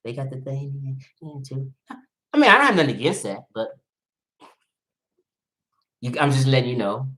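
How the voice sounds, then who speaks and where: A man's voice: expressive, normal speed, pauses often. Heated, profane man ranting on a livestream. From Los Angeles. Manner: swings between loud outbursts and low muttering. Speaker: livestream host. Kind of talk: livestream commentary rant.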